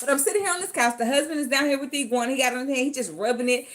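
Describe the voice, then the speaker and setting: A woman's voice: sits high, rapid-fire, slight background noise. A woman, telling a story casually and dramatically. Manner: animated, dramatic, acts out voices in her story. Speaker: storyteller vlogger.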